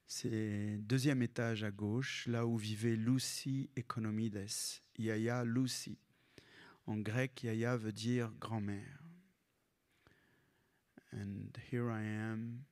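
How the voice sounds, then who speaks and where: A man's voice: fairly low pitch, darkish tone. Male author, grew up in Lebanon, live reading with wry, self-correcting commentary. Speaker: comics author. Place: library event.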